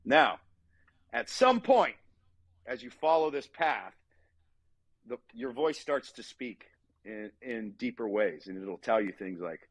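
A man's voice: medium pitch, slow, pauses often, dry recording. A man in his forties, a fitness coach for fathers, talking earnestly in a casual podcast conversation and acting out his inner voice as he tells stories. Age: 40s. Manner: earnest, animated storyteller who acts out inner dialogue.

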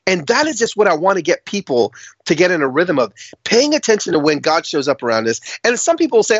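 A man's voice: high-pitched, fast, slightly rough, dry recording. A man guesting on a podcast, telling a story animatedly in a dull, dry, slightly lo-fi recording. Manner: animated, lots of fillers and restarts.

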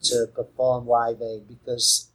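A man's voice: medium pitch, monotone, slow, a bit bright, slightly rough, poor audio. A man co-hosting a casual music podcast outdoors, talking with playful, rambling enthusiasm. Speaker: podcast co-host.

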